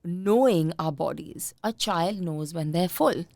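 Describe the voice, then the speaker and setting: A woman parenting coach being interviewed on a podcast, talking in a calm coaching tone and sometimes acting out what parents say. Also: on the low side, unhurried, vocal fry, no echo, clean studio sound. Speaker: conscious parenting coach, guest.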